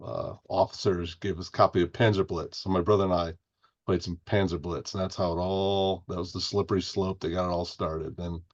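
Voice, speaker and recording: Podcast guest: low-voiced man, meandering and chatty, dull lo-fi recording. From Indiana, US. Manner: rambling, restarts often. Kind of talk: casual interview chat.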